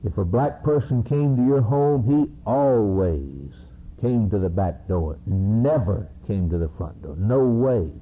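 Male preacher, husky and unhurried, with wide-ranging dramatic inflection. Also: expressive. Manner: slow, emphatic preaching that rises to high-pitched climaxes. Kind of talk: sermon. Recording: narrow, phone-like recording.

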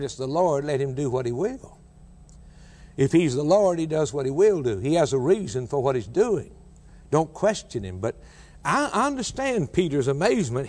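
A man preaching a sermon, telling a story in a folksy way, repeating himself, and climbing high on emphatic quoted lines. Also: a little mellow, long reverb tail. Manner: folksy, with repeated words and asides.

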